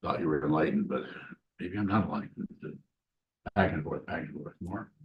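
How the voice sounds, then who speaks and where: A man's voice: very deep voice, moderate pace, muffled recording. A man teaching as a Zen teacher, giving a dharma talk and answering questions in a plain, repetitive, conversational way.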